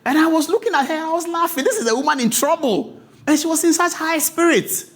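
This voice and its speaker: Lively Ghanaian man telling a story. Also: very high voice, fairly quick. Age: 40s. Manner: laughs often, stammers and repeats words. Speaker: host. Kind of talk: animated storytelling monologue.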